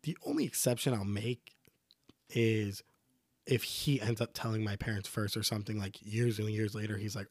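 A man's voice: lowish voice, fairly even intonation, normal speed, dry recording. A young man casually telling stories about growing up, in a loose, rambling way with lots of fillers. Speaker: storyteller. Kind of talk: casual personal storytelling.

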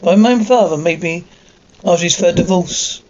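Brief: an actor as a complaining guy, slightly high voice, dull lo-fi film sound. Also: normal speed, a little mellow, lightly acted. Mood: resentful. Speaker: film character. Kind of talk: film dialogue.

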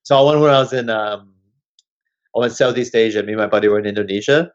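A young man with a lowish voice tells animated, expletive-laced stories as a podcast guest. The sound is dull and lo-fi, with the top end muffled. His delivery is loose and conversational. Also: quick pace, smooth. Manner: swears freely, animated anecdotes. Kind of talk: casual storytelling chat. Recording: dull lo-fi recording.

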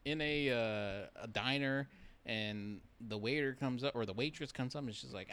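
A man's voice: mid-range voice, fairly bright tone, smooth. A man co-hosting a podcast, chatting casually, laughing often and acting out the people in his stories. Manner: quick, laughing delivery, acts out quoted people. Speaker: podcast co-host. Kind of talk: casual chat.

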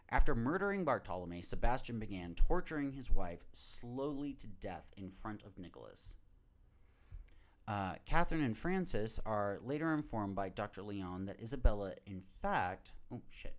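Lively low-voiced man reading a synopsis. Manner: profane, rambling, laughs between lines. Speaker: podcast host. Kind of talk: casual chat reading a movie synopsis.

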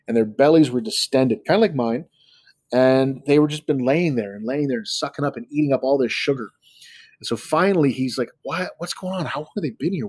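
Male podcast host in his thirties, casual storyteller with a chatty, joking manner; mid-pitched voice, dry close sound. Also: no room sound. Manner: relaxed, chatty, self-deprecating.

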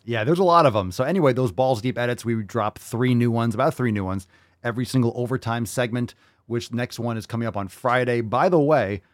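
A man's voice: medium pitch, fairly quick, no echo, studio quality. A man hosting a casual livestream podcast, reading viewer comments with crude, sarcastic jokes and a lot of swearing. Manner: animated, reads viewer comments aloud. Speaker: podcast host.

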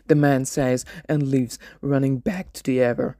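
Deadpan man narrating an absurd story. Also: mid-range voice, normal speed, hardly any pauses, no echo, studio quality.

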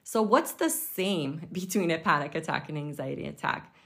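A woman's voice: deep voice, lively intonation, normal speed, vocal fry, fairly bright tone. A woman hosting a casual health podcast, talking informally with lots of fillers and the odd light laugh. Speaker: podcast host.

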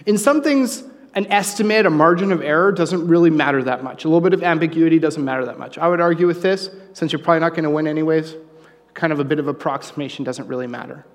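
A man preaching a sermon, conversational and joking, with animated asides. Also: fairly high pitch, quick pace, long reverb tail. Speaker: pastor. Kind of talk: sermon with humorous story.

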